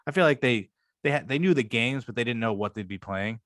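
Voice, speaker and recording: A man's voice: medium pitch, fairly quick, a bit bright, no room sound, clean studio sound. A man co-hosting a podcast, chatting casually and enthusiastically about a favorite comedy show, swearing freely and rambling. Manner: rambling, profane, enthusiastic retelling. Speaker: podcast co-host. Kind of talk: casual chat.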